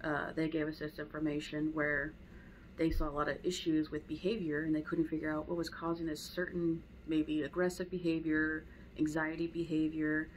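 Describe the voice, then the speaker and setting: A woman with a low voice and level tone speaks at a moderate pace on a rough recording with slight background noise. She gives a casual, conversational dog training lesson at home, acting out the voices of dogs and owners.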